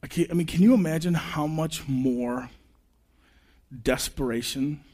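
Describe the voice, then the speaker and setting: A man in his thirties preaching a sermon in a conversational way, telling personal stories with quick asides. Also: on the high side. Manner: animated, chatty storytelling with quick asides. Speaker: pastor.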